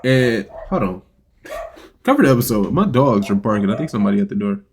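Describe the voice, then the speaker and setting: A man's voice: fairly low pitch, animated, quick pace, noisy background. Casual man rambling through an anime plot. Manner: loose, rambling storytelling with quoted lines. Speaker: podcast co-host. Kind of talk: casual anime recap chat.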